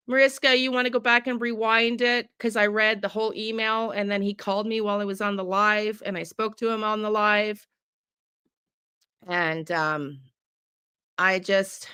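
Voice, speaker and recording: A woman's voice: medium pitch, fairly even intonation, normal speed, sharp tone, clear, resonant tone, no echo, studio quality. A middle-aged woman ranting with heavy profanity while chatting with viewers on her livestream. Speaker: true crime tarot livestreamer. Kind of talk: casual livestream talk with chat.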